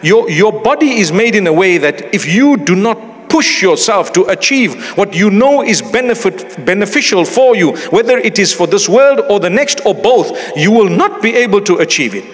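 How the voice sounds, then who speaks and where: Lively high-voiced male preacher in reverb. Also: normal speed, few pauses. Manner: humorous, conversational, with Arabic phrases. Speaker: Islamic preacher. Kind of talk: sermon. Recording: long hall reverb.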